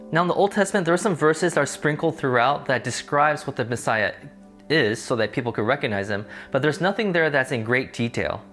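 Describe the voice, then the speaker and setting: A man leads a laid-back Bible lesson at a middle pitch, reading scripture and then breaking it down plainly. Soft music plays faintly behind him. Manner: conversational, explains context in plain terms. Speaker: Bible teacher. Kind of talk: casual Bible study lesson.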